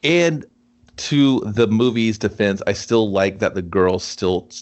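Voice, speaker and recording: A man's voice: fairly low pitch, animated, slow. A man co-hosting a casual movie review podcast, joking crudely and slipping into mock voices as he recaps the plot. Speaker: podcast co-host.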